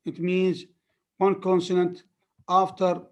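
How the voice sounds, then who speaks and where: A man's voice: high voice, monotone, slow, lo-fi sound, slight background noise. Arabic-accented man giving a lecture. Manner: repetitive, emphatic teaching with many restarts. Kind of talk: phonetics lecture.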